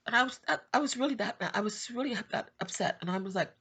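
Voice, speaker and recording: A middle-aged woman giving an emotional personal testimony for her channel, repeating herself and rising to high pleading cries. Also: fast talker, fairly bright tone, breathy edge. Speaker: Christian YouTube prophetic channel host.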